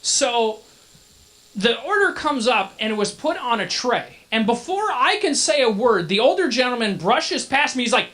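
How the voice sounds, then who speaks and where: A man's voice: very high-pitched, sing-song, moderate pace, a bit bright. A man emceeing a convention masquerade, telling a joking story on a handheld mic as filler. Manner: joking, chatty filler banter. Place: convention event hall. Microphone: handheld microphone.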